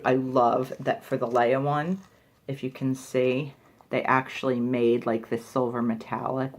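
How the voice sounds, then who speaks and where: A woman's voice: very deep voice, a little mellow. A woman talking casually in a product review vlog, chatty and full of filler words.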